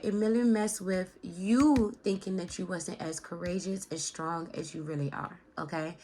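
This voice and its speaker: A woman in her thirties giving a casual, affectionate tarot card reading and talking straight to viewers, with a chatty manner. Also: medium pitch. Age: 30s.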